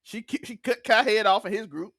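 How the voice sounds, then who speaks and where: Man, casual tv recap chat, fairly high voice, dry close sound, laughs a lot. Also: brisk, no echo. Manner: animated, laughs often, acts out quotes. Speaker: podcast co-host.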